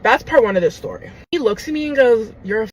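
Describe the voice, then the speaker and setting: A young woman telling a story in casual style, animated and dramatic, full of fillers. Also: fairly high pitch, fast, rough recording. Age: young adult. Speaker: storyteller in a clip.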